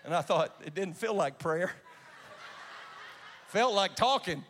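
A man's voice: high-pitched, expressive, slow pace, a bit bright, long reverb tail, slight background noise. A man preaching a sermon and telling a personal story in an earnest way, often restarting his sentences. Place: church sanctuary.

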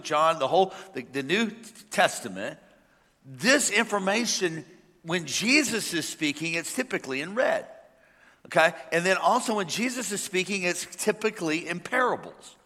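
A man preaching a sermon, telling a made-up parable and acting out the characters with lively energy. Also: high-pitched. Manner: animated storytelling, acting out characters. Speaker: pastor. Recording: long hall reverb.

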